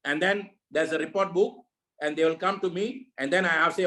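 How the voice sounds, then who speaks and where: A man's voice: a little high, fairly even intonation, fairly quick, bright, forceful tone, low-quality recording. A man leading a network marketing meeting over a video call, giving a preachy motivational talk full of repeated rhetorical questions.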